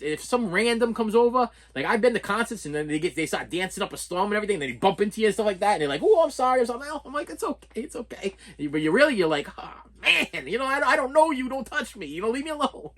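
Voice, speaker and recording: Middle-aged male vlogger, slightly high-pitched, animated storyteller who laughs a lot and repeats himself. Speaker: vlogger unboxing movies. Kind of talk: casual storytelling vlog.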